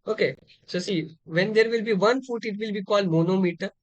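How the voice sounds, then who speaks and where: A man's voice: sits high, fairly quick, no echo, lo-fi sound. A man teaching a literature lecture, explaining terms step by step with frequent fillers and restarts. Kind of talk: exam-prep lecture.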